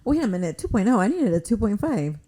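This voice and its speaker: A woman's voice: mid-range voice, sing-song, fast, dark tone, slightly rough. A woman co-hosting a podcast in casual chat, teasing and playful. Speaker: podcast co-host.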